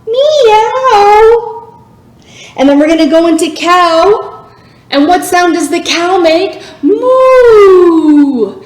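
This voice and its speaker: A woman's voice: very high-pitched, steady tone, moderate pace. A woman leading a children's yoga class, cheerful and encouraging, making animal sounds to guide the poses. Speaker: youth yoga instructor. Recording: very echoey room.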